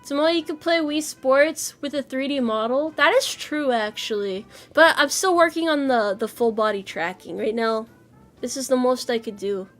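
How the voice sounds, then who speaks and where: A woman chatting casually with her stream viewers, playful and quick to giggle. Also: sits high. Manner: playful, giggly, answers chat with bursts of laughter. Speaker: virtual streamer.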